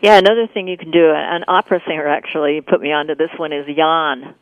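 A woman hosting a radio talk show, talking in a relaxed, conversational way with some hesitations. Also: low voice, no echo. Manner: conversational, relaxed, halting fillers. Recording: dry narrow-band radio broadcast.

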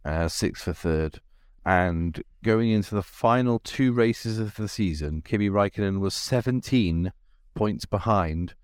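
Podcast co-host, English man, low voice, rambling and reflective, dry close sound. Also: unhurried, smooth, dry recording. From England. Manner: rambling, reflective, many fillers. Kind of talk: casual chat.

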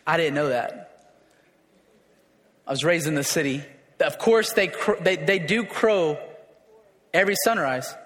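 A man preaching a sermon in a conversational way, often restarting and asking the crowd questions, rising louder for emphasis. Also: a little high, expressive, unhurried, pauses often. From raised in a city. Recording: long hall reverb.

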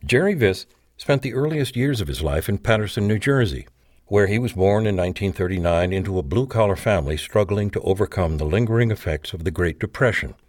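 A man reading a memoir aloud as narrator in a measured, even style. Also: fairly low pitch, dry recording, clean studio sound. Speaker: audiobook narrator. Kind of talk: scripted narration.

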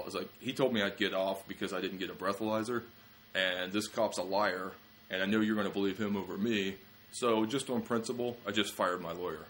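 A young adult man with a low, deep voice tells a rambling story in casual podcast chat. He mocks himself freely and snaps into quick impressions of the people in the story. A faint hum of room noise sits underneath. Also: steady tone, a bit bright. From small-town Ohio. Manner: rambling, self-mocking, quick acted-out quotes. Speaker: comedian guest.

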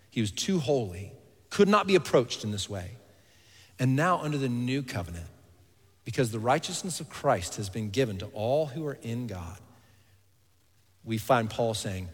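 A man in his thirties, a pastor preaching a sermon, earnest and animated, sometimes dropping to quiet intensity. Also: mid-range voice, moderate pace. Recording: long hall reverb.

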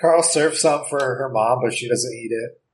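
A man narrating a tabletop game as game master in a low-key, easygoing way. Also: moderate pace.

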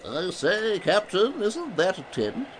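A man's voice: high-pitched, big pitch swings, slow, a crowd in the background, exaggerated voice. A man voicing a sheepish, bumbling soldier in a comic sketch. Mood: eager. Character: dotty, trigger-happy young British soldier.

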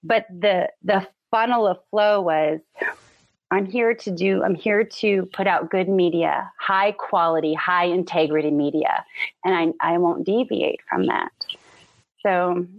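A woman calling in to a live-stream interview, telling heartfelt stories with animated energy. Her voice has a gravelly, fry-laden texture. The audio is dry and close, with a dull, lo-fi remote sound. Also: lowish voice, measured pace, no echo. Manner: animated, emotional storytelling. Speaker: guest, author and musician. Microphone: remote call.

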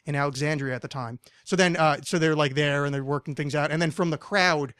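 A man's voice: a little high, steady tone, brisk, fairly bright tone, clear, resonant tone, dry recording. Profane rambling man, dry close sound. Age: 30s. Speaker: podcast host. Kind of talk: casual chat.

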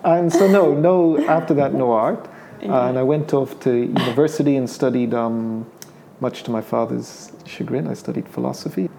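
A man's voice: medium pitch, normal speed, vocal fry, warm tone, a little hiss or hum. A middle-aged Irish man, his accent carrying an English lilt, talking casually about his life in an interview, hesitant and full of restarts. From Ireland. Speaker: painter being interviewed.

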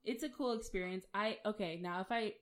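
A woman's voice: mid-range voice, brisk. A young woman co-hosting a podcast in casual chat, laid-back and often hesitant. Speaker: podcast co-host.

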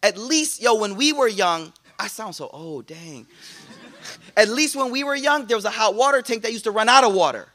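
High, bright-voiced man preaching casually. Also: a little fast, few pauses. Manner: casual slangy speech with frequent restarts; animated, playful preaching. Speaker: Islamic teacher. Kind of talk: lively religious talk to a congregation.

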